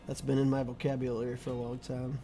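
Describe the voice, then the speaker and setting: A man's voice: mid-range voice, monotone, fast, over music. A middle-aged man hosting a gaming channel, chatting casually and easily with his viewers while he streams. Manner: chatty and easygoing, talking to viewers. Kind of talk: casual live-stream commentary.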